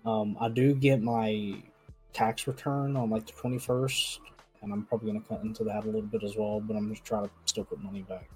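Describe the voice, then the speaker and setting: A young man co-hosting a casual podcast, talking in a relaxed, rambling way with lots of fillers. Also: on the low side, brisk, faint music behind, low-quality recording. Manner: laid-back, rambling with fillers. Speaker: podcast co-host. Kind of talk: casual chat.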